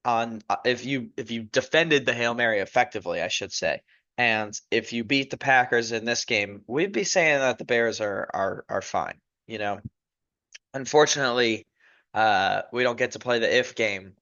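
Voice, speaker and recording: A man's voice: mid-range voice, moderate pace, bright, forceful tone. A man hosting a casual sports recap podcast, talking in a rambling, self-correcting, opinionated way. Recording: dull lo-fi recording.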